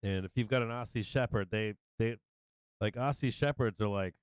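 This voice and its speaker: A man's voice: fairly low pitch, moderate pace, smooth, no echo. Rambling, cussing male stream host. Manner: rambling, profane, laughs often. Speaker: livestream host. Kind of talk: casual livestream chat.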